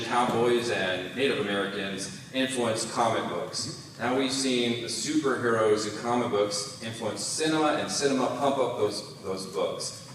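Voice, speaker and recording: A man asking an earnest, measured question from the audience at a convention panel. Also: lowish voice, a bit bright, a little hiss or hum. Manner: earnest, measured, a bit halting. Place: large convention hall. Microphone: far audience microphone. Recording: echoey convention hall from far off.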